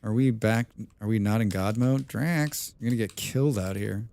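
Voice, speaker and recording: A man live-streaming a game, chatting with his viewers in a loud, excitable and passionate way. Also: fairly low pitch, normal speed, vocal fry. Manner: loud and excitable, calls himself a passionate speaker.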